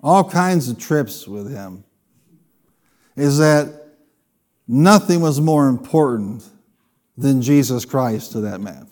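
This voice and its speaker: A man preaching a sermon, telling a funny personal story with lively, animated delivery. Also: mid-range voice, slow, pauses often. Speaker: pastor.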